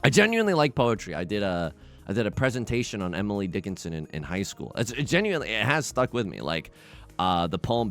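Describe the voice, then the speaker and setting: A young man talks through his game as he plays, jokey and quick to chat with his viewers. His pitch swings widely and he often bursts out loud, with faint music playing behind him. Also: big pitch swings. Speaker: let's play streamer. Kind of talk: casual game commentary.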